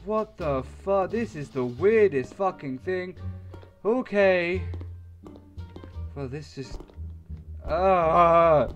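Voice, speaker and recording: High-voiced swearing young man gaming. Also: slow pace, pauses often, fairly bright tone, lo-fi sound, faint music behind. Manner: swearing, exclaiming, rambling with frequent outbursts. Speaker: gamer. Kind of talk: let's play commentary.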